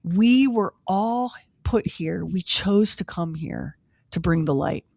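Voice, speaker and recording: Gravelly-voiced chatty woman host. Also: on the low side, expressive, slow, no echo. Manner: chatty, drawling, wry. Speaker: podcast host. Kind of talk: casual chat.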